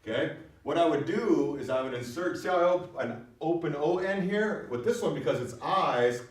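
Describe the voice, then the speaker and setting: A male language instructor with a fairly high voice talks at normal speed, lively and patient, repeatedly making sure students keep up. The audio comes from far off in an echoey room.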